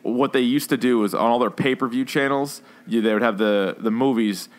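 An excitable man in his late thirties chatting casually as a podcast co-host. He talks with animated enthusiasm and swears freely. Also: mid-range voice, fairly quick. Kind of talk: casual chat.

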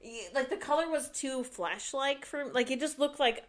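A pregnant woman co-hosting a podcast, telling relaxed family stories in casual chat. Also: high-pitched, moderate pace. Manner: relaxed storytelling with laughter. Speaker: podcast co-host, stepmother.

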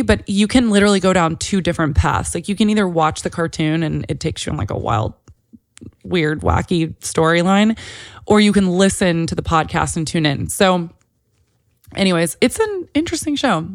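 A woman's voice: on the low side, no room sound, clean studio sound. A woman in her thirties hosting a podcast, telling a personal story in a chatty, emotionally open way, full of "like" fillers. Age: 30s. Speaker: podcast host.

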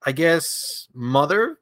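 A man's voice: fairly high pitch, no echo. Venezuelan guy on a podcast, laughs a lot, drops f-bombs, dry close sound. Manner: relaxed, hesitant, laughs often, swears freely. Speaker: guest, comic creator. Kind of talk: casual interview chat.

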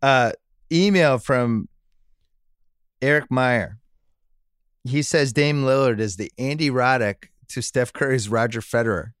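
A man's voice: medium pitch, no room sound, clean studio sound. Man hosting a sports podcast. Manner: joking, speculative, reads listener emails. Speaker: podcast host. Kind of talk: casual sports chat.

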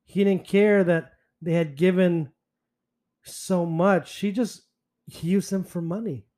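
A man hosting a solo podcast in an earnest, indignant monologue. His voice sits notably high for a man. He speaks slowly and takes his time. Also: steady tone, dark tone. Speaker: podcast host.

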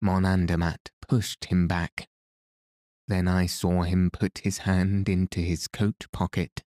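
A man narrating a classic adventure story in a measured, even way. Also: sits low, no echo, clean studio sound. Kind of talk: audiobook narration.

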